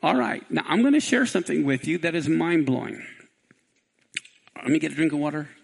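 A man's voice: a little high, animated, a little fast, gravelly, husky, low-quality recording. A man preaching a sermon, telling a parable with dramatic rising pleas and reading scripture aloud. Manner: dramatic storytelling, voice rising to near shouts on quoted pleas.

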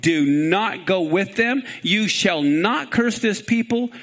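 A male preacher voicing God as a solemn, commanding presence with a slow, grave delivery. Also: high voice, lively intonation, a bit bright, exaggerated voice.

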